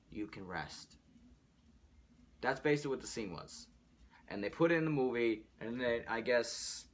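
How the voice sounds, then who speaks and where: A man hosting his own movie news show, talking casually in a rambling, animated way and swearing freely. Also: lowish voice, slight background noise. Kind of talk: casual solo movie commentary.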